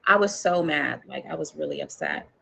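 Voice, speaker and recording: A woman's voice: extremely low pitch, wildly swooping pitch, moderate pace, vocal fry, a bit bright, husky, poor audio. A woman from New York, guest in an interview, telling a personal story candidly, swearing freely and acting out quotes in a raised voice.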